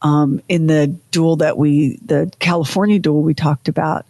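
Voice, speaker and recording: A woman's voice: deep voice, fairly even intonation, mellow, no room sound. Woman telling a story with dramatic flair. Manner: dramatic, vivid storytelling with emphatic pauses. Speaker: podcast co-host. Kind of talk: casual storytelling chat.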